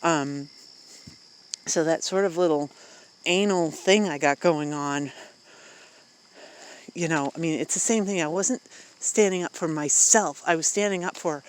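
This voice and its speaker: In a smooth, medium-pitched voice, an adult vlogger vents casually to the camera, a little slowly and with long pauses. The talk is candid and rambling, with many fillers, restarts and frequent short laughs, turning louder and more emphatic at indignant moments.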